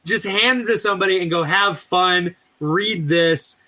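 A man's voice: high-pitched, moderate pace, bright, forceful tone. A man who teaches school, co-hosting a casual comics podcast and telling rambling stories. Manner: rambling storyteller, acts out quotes. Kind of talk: casual chat.

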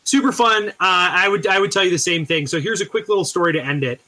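A man's voice: high voice, fast, sharp tone. A man who teaches school, co-hosting a casual comics podcast and telling rambling stories. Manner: rambling storyteller, acts out quotes. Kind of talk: casual chat.

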